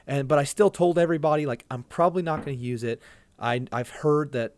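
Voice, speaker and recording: A man's voice: mid-range voice, a little fast, a little mellow, no echo. Guy rambling through a story on a podcast, lots of restarts, totally dry sound. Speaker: podcast guest. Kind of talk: casual conversation.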